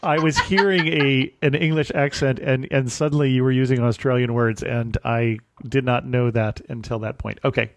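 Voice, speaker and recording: A man's voice: medium pitch, steady tone, normal speed, few pauses. A middle-aged man hosting a travel podcast, asking questions in a friendly, wry, casual way. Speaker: podcast host.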